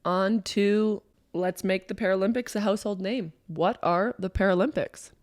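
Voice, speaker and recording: A woman from Canada co-hosting a podcast in casual chat, playful and quick to laugh. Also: mid-range voice, a little mellow, no echo, clean studio sound. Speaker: podcast co-host.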